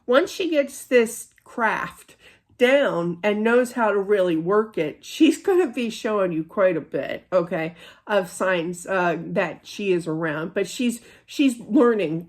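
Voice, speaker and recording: A middle-aged woman giving a casual spiritual reading, chatty and rambling, full of fillers and restarts. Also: medium pitch. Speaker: psychic reader.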